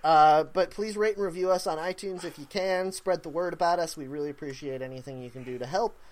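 A man hosting a podcast in a casual, rambling chat, often pausing on fillers. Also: a little high. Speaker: podcast host.

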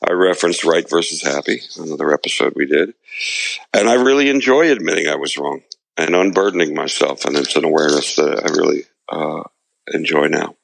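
Speaking a little fast in a very deep, creaky voice, a man co-hosts a podcast, wandering through stories in casual conversation with plenty of laughter. The recording is low quality, with no room sound.

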